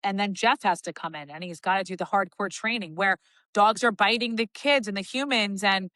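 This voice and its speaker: A woman co-hosting a podcast, telling lively stories in casual chat and acting out the people in them. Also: medium pitch, brisk, dry recording. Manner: animated storytelling with quoted voices. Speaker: podcast co-host.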